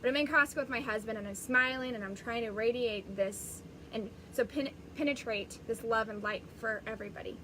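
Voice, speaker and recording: Woman, psychic medium hosting a livestream; chatty and rambling, slightly high voice, faint background hiss. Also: fairly quick, pushed and bright, poor audio. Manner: rambling, chatty, restarts often. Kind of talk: live-streamed spiritual reading.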